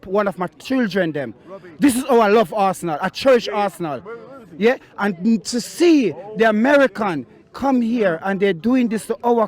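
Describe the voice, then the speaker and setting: A man, a football fan, ranting passionately to camera outside the ground. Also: high voice. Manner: impassioned, emphatic, repeats for stress.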